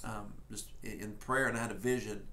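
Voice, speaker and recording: A man's voice: fairly low pitch, steady tone, bright, forceful tone. A man with a Texan accent preaching a prophetic message in an emphatic, folksy way, sometimes telling stories. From Texas. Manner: folksy and emphatic, speeds up and slows down. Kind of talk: prophetic sermon, casual storytelling.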